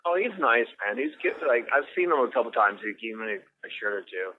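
A man's voice: mid-range voice, expressive, a little fast, a crowd in the background. A man chatting casually, telling rambling stories and swearing a lot, as a podcast guest. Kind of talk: casual chat. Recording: dull lo-fi sound with faint noise.

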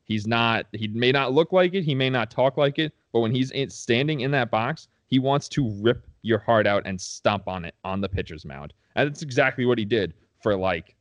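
A man co-hosting a sports podcast, talking in an animated, opinionated way as a fan. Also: mid-range voice, moderate pace, few pauses, no room sound. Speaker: podcast co-host. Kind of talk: casual sports podcast chat.

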